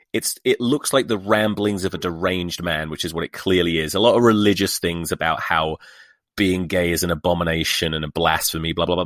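Hosting his own podcast, a man rants solo in a lowish voice, swearing and dripping with sarcasm and exasperation. The recording is dry and close, without any room sound.

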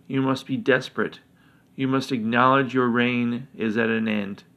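A man voicing an ancient dragon who speaks in solemn, measured prophecy. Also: medium pitch, little pitch movement, a bit bright, muffled recording, natural voice. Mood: solemn, foreboding.

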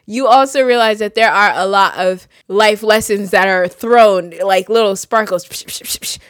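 A young Haitian woman hosting a podcast, talking in an animated, chatty way full of fillers and asides. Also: medium pitch, dry recording, studio quality. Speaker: podcast host. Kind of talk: casual solo chat.

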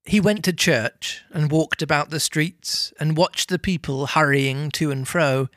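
A man reading a novel aloud with lively, amused storytelling. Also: a little high, dry recording, clean studio sound. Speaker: reader.

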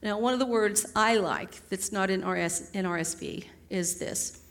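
A woman's voice: mid-range voice, normal speed. A middle-aged woman preaching a sermon in a conversational, humorous way, full of rhetorical questions.

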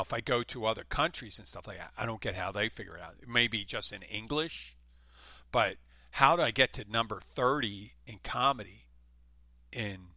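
Rambling man with a very bright voice. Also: medium pitch, dry recording. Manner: rambling, self-correcting, restarts his thoughts. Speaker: podcast host. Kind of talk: casual monologue.

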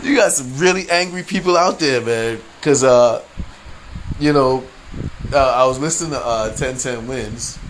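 A man's voice: medium pitch, moderate pace. A man hosting a casual solo podcast, rambling and laughing often, full of slang and profanity. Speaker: podcast host. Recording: faint background noise.

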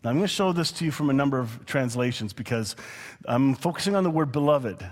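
A man preaching a sermon in a relaxed, conversational way, with quick asides and chuckles. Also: medium pitch. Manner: conversational, chuckling, slows down to read scripture. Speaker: pastor. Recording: long hall reverb.

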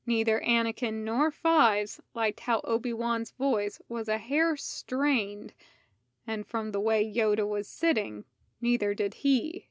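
A woman reading a fan fiction story aloud as narrator, slow and deliberate. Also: on the high side, steady tone, dry recording, studio quality. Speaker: podfic reader.

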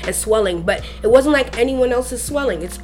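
A woman telling a childhood story in a casual, animated chat, laughing and acting out voices. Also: fairly high pitch, normal speed, soft background music. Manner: animated, dramatic, laughs while telling stories.

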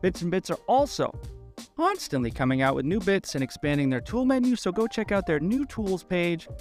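A man co-hosting a podcast, reading sponsor ads and slipping deadpan absurd jokes into the copy. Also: high voice, a little fast, soft background music. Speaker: podcast co-host. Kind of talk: joking sponsor ad read.

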